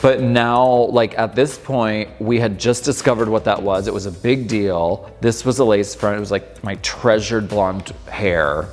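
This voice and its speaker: Chatty amused man, lowish voice. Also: a little slow, few pauses. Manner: chatty, amused, lots of filler "like". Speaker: drag performer reacting to old footage. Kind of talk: casual reaction commentary. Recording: long room reverb with faint music.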